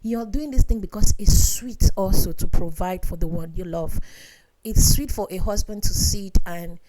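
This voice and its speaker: A woman's voice: mid-range voice, normal speed, mellow. Earnest woman giving marriage advice. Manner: earnest, direct, preachy, addresses viewers as sisters. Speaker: vlogger giving relationship advice. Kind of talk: casual advice monologue.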